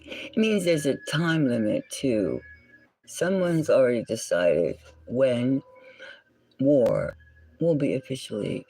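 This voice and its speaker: A tarot reader hosting a solo reading, unhurried and full of gravelly rasp, with a pitch that swoops up and down. The delivery is musing and self-correcting, with frequent drops into a whisper, over faint background music. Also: very animated, dark tone, no room sound, poor audio. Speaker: tarot reader and channel host.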